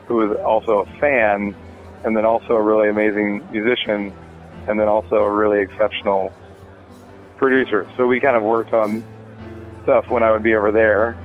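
A man talking casually about his music as an interview guest, rambling with many fillers and restarts. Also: lowish voice. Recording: tinny phone line.

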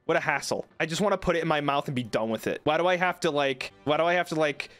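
A young man streamer rambling through an animated, comic rant in casual chat. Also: on the high side, quick pace, faint music behind.

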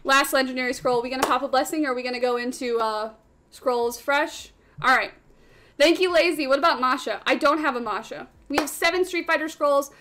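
A young woman streams live with a very high, sharp, bright voice. She squeals and repeats the same phrases again and again. The stream audio sounds slightly off. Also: brisk. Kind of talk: excited live-stream commentary.

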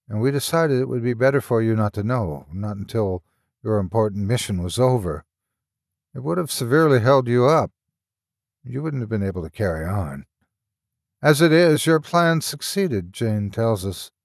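A man voicing a weary, guilt-ridden man who explains slowly and haltingly in an audiobook horror story. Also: medium pitch, vocal fry, no room sound, studio quality. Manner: slow, subdued and halting.

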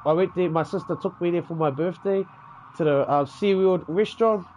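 A man's voice: sits high, a little fast, darkish tone, muffled recording, slight background noise. A man from New Zealand with a New Zealand accent, chatting casually in a game's voice chat, rambling, swearing freely and tagging on "eh" and "bro". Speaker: gamer in voice chat.

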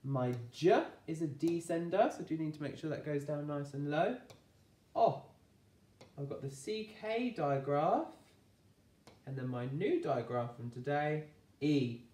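An English woman teaches phonics to young children, low in pitch but lively in melody as she stretches out each sound. She speaks slowly and encouragingly. Her voice carries a roomy echo, picked up from a little way off the mic. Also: recorded from a distance. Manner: slow, sounding out phonemes one by one; encouraging, clear classroom delivery. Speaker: primary school teacher. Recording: echoey room, voice from off-mic.

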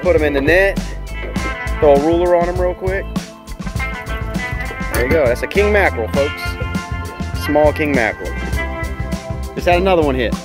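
A man's voice: fairly high pitch, animated, moderate pace, pauses often, music in the background. A man hosting a fishing vlog, filming with a handheld camera out of doors on a small boat at sea, giving chatty, self-teasing running commentary. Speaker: fishing channel host. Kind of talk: casual on-the-spot vlog narration.

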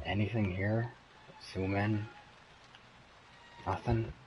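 A man's voice: on the low side, fairly even intonation, takes it slowly, dull audio, a little hiss or hum. Jumpy, swearing young man gamer. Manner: profane, jumpy, muttering and yelping with fear. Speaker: gamer streaming a horror game. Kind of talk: frightened live gameplay commentary.

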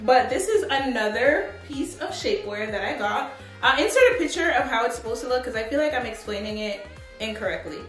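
A woman's voice: a little high, animated, fairly quick, reverberant, faint music behind. A woman chatting casually through a clothing try-on haul, upbeat and full of fillers, sometimes out of breath. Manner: chatty, upbeat, lots of "like" and "but yeah". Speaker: fashion vlogger. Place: home room with a tripod. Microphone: camera on a tripod.

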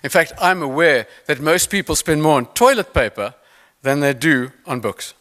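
A man's voice: a little high, normal speed. A man giving a keynote talk on mental toughness, telling stories with playful asides to the audience. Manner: animated storytelling with playful asides. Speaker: motivational speaker.

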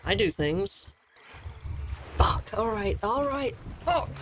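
A young woman streaming a horror game, excitable and easily scared, swearing often as she plays. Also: medium pitch, takes it slowly, noisy background. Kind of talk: gaming commentary.

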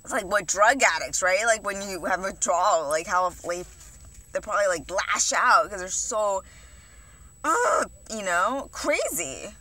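In a dry recording, a young woman vlogger rambles through confessional eating-vlog talk in an expressive, medium-pitched voice. She's a little slow and sharp-toned, profane, and full of "like."

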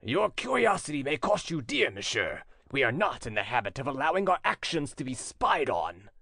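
A man's voice: very animated, normal speed, creaky, pushed and bright, husky, dry recording, studio quality, full character voice. A man voicing an agitated French nobleman, emotional and pleading. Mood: stern. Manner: emotional, pleading, high-strung.

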